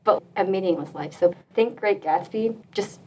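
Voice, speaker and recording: A woman's voice: medium pitch, normal speed, darkish tone, recorded from a distance, poor audio. Young woman, student discussion leader, chatty, lots of fillers, faint background hiss. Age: young adult. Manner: chatty, many "like" fillers, laughs often. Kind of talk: casual chat.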